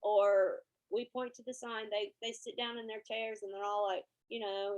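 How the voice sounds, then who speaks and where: A woman's voice: medium pitch, normal speed, hardly any pauses, poor audio. A woman band director, giving a presentation and acting out quotes as she tells stories. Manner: lively storyteller, acts out quotes. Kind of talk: conference presentation.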